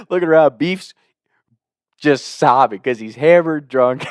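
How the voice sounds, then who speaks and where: A man's voice: a little high, moderate pace, no room sound, studio quality. Laughing young man telling a party story. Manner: animated, laughing, acts out voices loudly. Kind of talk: casual anecdote.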